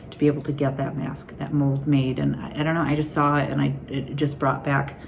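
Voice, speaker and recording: A woman's voice: very deep voice, little pitch movement, brisk, gravelly, slight background noise. A woman vlogging to her phone camera in a candid, rambling way, laughing through anxious stories. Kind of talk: casual personal vlog.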